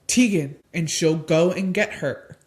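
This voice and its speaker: A young woman with a notably low, deep voice for a woman, talking easily about family life on a podcast. Her speech is loose and conversational, full of "like" fillers. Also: normal speed. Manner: chatty, fills speech with "like". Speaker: podcast co-host and mother of twins. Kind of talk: casual chat.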